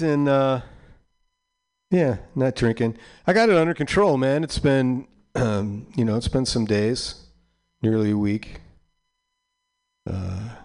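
A man in his sixties hosting a community radio show, chatting casually between records in a rambling, halting way. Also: mid-range voice, vocal fry, darkish tone.

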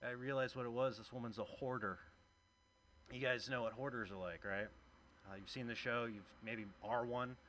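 A man's voice: medium pitch, fairly even intonation, moderate pace, a bit bright. Guy doing standup at a little club, chatty storytelling, bit of room noise. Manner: conversational storytelling, self-deprecating. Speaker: stand-up comic and open mic host. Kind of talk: stand-up comedy set.

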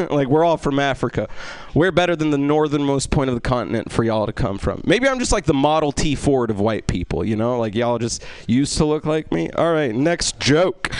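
A man doing a stand-up comedy set in a small club, self-deprecating with deadpan asides and lots of fillers. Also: medium pitch, clean tone, no echo. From Egypt.

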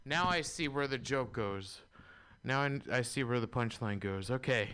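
A man's voice: medium pitch, moderate pace, a bit bright, clear, resonant tone. A man doing an open-mic stand-up bit, crude, calling out swear words for laughs. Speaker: stand-up comic.

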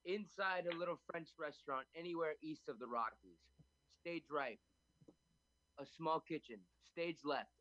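Male narrator, bright tone, dull lo-fi call audio. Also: a little high, a little slow. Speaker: narrator of a table read. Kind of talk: reading stage directions. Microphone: video call.

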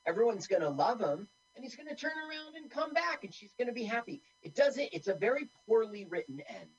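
A woman's voice: fairly high pitch, sing-song, fairly quick, breathy edge, lo-fi sound. A woman co-hosting a radio show, recounting a movie plot in a matter-of-fact, critical way. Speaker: radio co-host. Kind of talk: casual film-talk chat.

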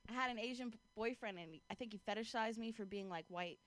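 Out on a street corner, a stand-up comedian runs a loose set with crowd work, filling her lines with "like" and cracking herself up. She speaks quickly in a slightly high, somewhat bright voice.

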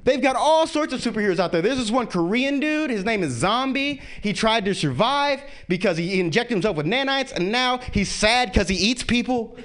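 A man doing a stand-up comedy set, profane and animated, jumping into quick character bits. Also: very high voice.

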